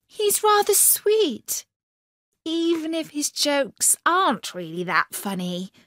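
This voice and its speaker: A woman's voice: high voice, very animated, slow, voice pushed up, heavily acted. A woman doing a sweet young princess. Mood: pleading. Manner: soft, sweet, gentle.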